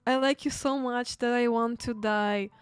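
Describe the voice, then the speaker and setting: A woman reading the lines of a sweet, sad teenage girl from a game in a soft, plain voice. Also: fairly high pitch, fairly even intonation, a little slow, clean tone, dry recording, lightly acted.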